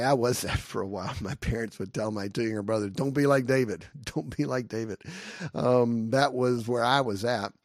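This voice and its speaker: A man's voice: on the low side, no room sound, clean studio sound. A man preaching a sermon, retelling a Bible story with lots of fillers and acting out the characters.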